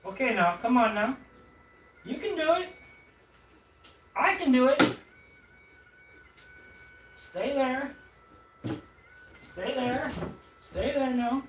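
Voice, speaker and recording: A streamer assembling furniture at home keeps up a rambling, joking live-stream commentary, mocking their own clumsiness and stammering through restarts. Their mid-range voice sits far back from the microphone. The room is roomy and echoing, with a faint hiss underneath.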